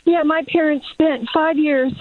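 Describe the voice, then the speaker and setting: A woman's voice: high-pitched, steady tone. Breathless woman caller on a tinny phone line. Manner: hesitant, many fillers and pauses. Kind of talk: call-in radio talk.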